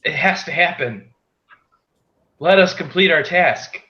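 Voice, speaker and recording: A man's voice: a little high, measured pace, sharp tone, slight background noise, voice pushed up. A man voicing a frightened, insistent cult laborer in a tabletop game. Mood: pleading. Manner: pleading, insistent. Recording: dull echoey room.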